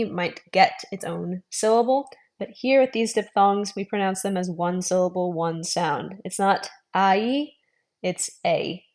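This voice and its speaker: A young adult woman giving a video language lesson, patiently explaining and repeating sounds slowly so learners can follow. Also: lowish voice, a little mellow. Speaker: language teacher.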